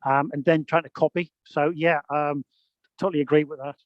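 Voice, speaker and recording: Higher-pitched British man, dull dry call line. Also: steady tone, fairly quick, dry recording. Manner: conversational, thinks aloud with fillers. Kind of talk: casual live-stream discussion. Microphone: video call.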